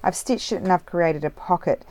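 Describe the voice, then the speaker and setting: A woman with a notably low voice chats her way through a crafting tutorial in her home craft room. She rambles and corrects herself as she goes, trailing off into asides. Her low, relaxed delivery suits the easy, unscripted tone of the session. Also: normal speed, no room sound. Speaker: crafting vlogger. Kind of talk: casual crafting tutorial chat.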